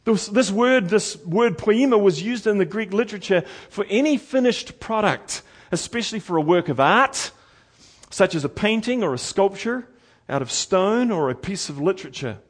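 A middle-aged man preaching a sermon as pastor, earnest, slowing down to stress key words. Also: sits high, lively intonation, husky.

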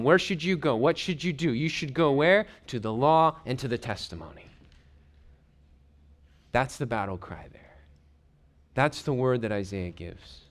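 A man preaching a sermon, reading scripture aloud and explaining it, building to emphatic points and then dropping low and quiet. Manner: drops to a low, quiet tone to drive points home.

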